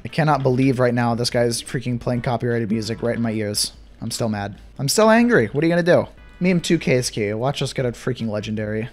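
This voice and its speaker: A young man giving casual gameplay commentary, excitable and sarcastic, swinging between mock despair and glee. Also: mid-range voice, fast, faint music behind. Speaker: gaming YouTuber.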